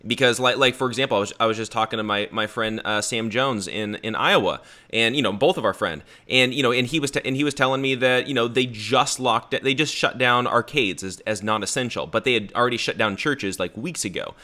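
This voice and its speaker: A man co-hosting a news podcast, making his points in an earnest, halting way with frequent restarts. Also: medium pitch, sharp tone. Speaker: podcast co-host. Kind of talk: conversational news commentary.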